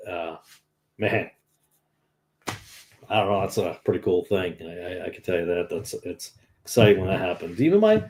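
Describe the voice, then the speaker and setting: A man's voice: on the low side, a little mellow. A man in his fifties with a Northern US accent, giving an informal, earnest sermon as a lay preacher. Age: 50s. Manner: earnest and conversational.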